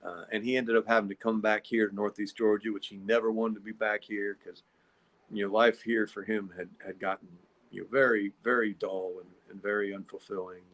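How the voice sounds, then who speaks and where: A man's voice: fairly low pitch, little pitch movement, fairly quick, fairly bright tone. A man telling a long, rambling story in a casual podcast monologue. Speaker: podcast host.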